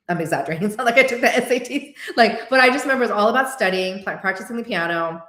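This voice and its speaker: A woman hosting a casual chat, answering viewer questions with quick asides and acted-out quotes. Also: mid-range voice, lively intonation, fairly bright tone, echoey room.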